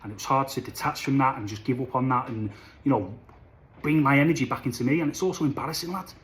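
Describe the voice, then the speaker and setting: A young man talks casually to camera in a chatty, animated way. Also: mid-range voice, fast talker. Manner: chatty, animated, says "lad" and "flipping" a lot. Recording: echoey room, faint ambience.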